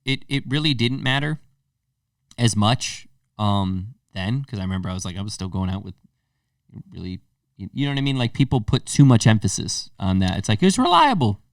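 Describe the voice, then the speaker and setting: A man's voice: on the low side, very animated, brisk, no room sound, studio quality, far from the mic. A man co-hosting a podcast, chatting casually and telling loose, profane stories. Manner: loose, storytelling, swearing freely. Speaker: podcast co-host. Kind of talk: casual chat.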